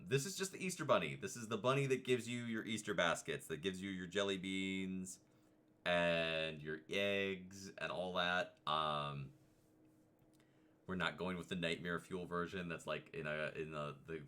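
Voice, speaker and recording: A man's voice: low-pitched, fairly even intonation, unhurried, pushed and bright, clear, resonant tone. A man hosting a casual tier-list video, rambling and chatty with playful asides. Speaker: vtuber host.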